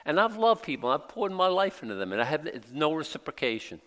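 A man's voice: a little high, sing-song, quick pace, fairly bright tone, long reverb tail. A middle-aged man preaching a sermon in a conversational way, with plenty of rhetorical questions and repeated phrases.

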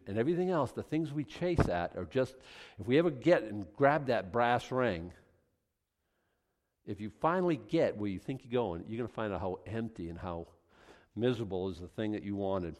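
A man preaching a sermon, acting out little scenes and swinging between loud outbursts and hushed asides. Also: lowish voice, lively intonation, a little fast. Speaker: pastor.

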